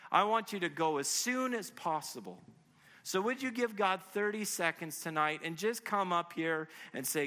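Guy preaching at church, earnest and chatty, keeps asking "right?", kinda high voice. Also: animated, normal speed, pushed and bright. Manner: earnest, conversational, often asks "right?". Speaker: pastor. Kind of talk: sermon. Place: church service.

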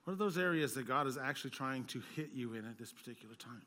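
Bright-voiced pastor preaching in a hall. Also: male voice, mid-range voice, expressive, fast. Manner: storytelling, rising to loud emphatic peaks. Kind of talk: sermon.

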